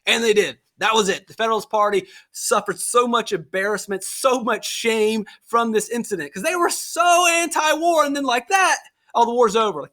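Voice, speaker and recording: A man teaching a history lesson in a casual, animated way, often acting out quoted voices. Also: extremely high pitch, moderate pace. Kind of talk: casual lecture.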